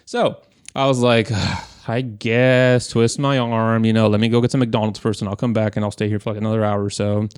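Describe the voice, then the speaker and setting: A young man co-hosting a podcast, telling a story in an animated way, swearing and acting out what people said. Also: lowish voice, quick pace, clear, resonant tone, dry recording, studio quality. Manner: animated, profane, acts out quoted voices. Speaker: podcast co-host. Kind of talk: casual storytelling chat.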